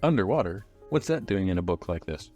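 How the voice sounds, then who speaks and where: A man's voice: deep voice, very animated, a little fast, dark tone, muffled recording, faint music behind. A man hosting a podcast, chatting casually, laughing easily and recapping the story. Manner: easygoing, laughs often, summarizes plot. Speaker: podcast host.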